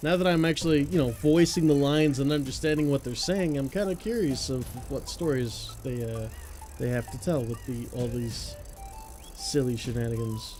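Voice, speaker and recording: A man's voice: medium pitch, steady tone, moderate pace, darkish tone, soft background music. A young man live-streaming a game, chatting casually with a goofy, jokey manner and humming nonsense tunes. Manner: goofy, laughing, hums and scats nonsense tunes.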